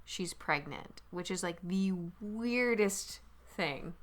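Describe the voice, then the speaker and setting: A woman joins a casual comedic chat as a guest and answers with deadpan, sarcastic quips. She speaks at a middle pitch in an even, easy way. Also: slow pace. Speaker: returning podcast guest.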